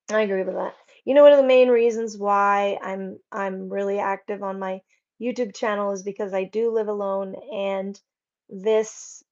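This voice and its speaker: Slow-talking woman chatting on a livestream. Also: mid-range voice, lo-fi sound. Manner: chatty, rambling, warm toward viewers. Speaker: livestream host. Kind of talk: casual livestream chat reading comments. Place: home.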